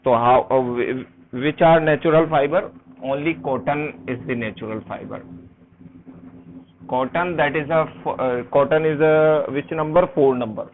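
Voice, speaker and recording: A man teaching a class and checking exercise answers aloud, speaking Indian English with slow, repetitive confirmations and fillers. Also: a little high. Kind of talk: online class lesson. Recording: tinny phone-line audio with faint hiss.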